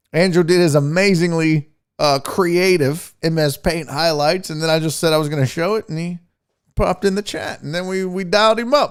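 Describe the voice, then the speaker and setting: Profane, joking male talk show host. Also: a little high. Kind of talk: casual live-stream sports talk show.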